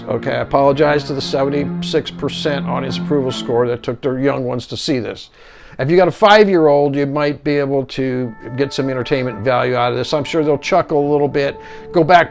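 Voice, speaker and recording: A man's voice: fairly high pitch, creaky. A man giving a casual movie review in a blunt, rambling way, with lots of fillers and restarts.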